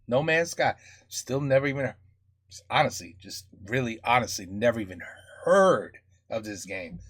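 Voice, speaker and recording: Man, husky voice, lively swings in pitch, casual rambling reaction talk. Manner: animated, rambling. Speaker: reaction channel host.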